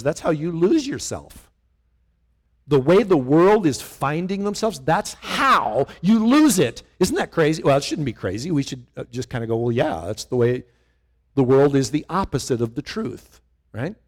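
A middle-aged male pastor preaching a conversational sermon, often asking his listeners questions. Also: on the high side. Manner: animated, conversational, asks the congregation questions.

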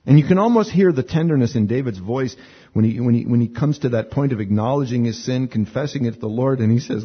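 A man preaching a conversational sermon, animated and acting out little scenes with voices. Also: on the high side, a little fast, breathy edge. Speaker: pastor. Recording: muffled lo-fi sermon recording.

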